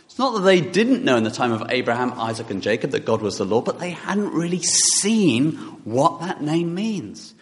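A man's voice: medium pitch, sing-song, normal speed, few pauses. A man preaching a sermon to a congregation, reading scripture aloud and putting direct questions to his listeners. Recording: long hall reverb in church.

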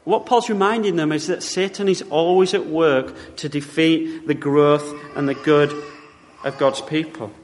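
Male British preacher, bright lively pitch, conversational wry sermon, reverberant church hall. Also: measured pace, slight background noise. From Britain. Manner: wry, conversational preaching with rhetorical tag questions.

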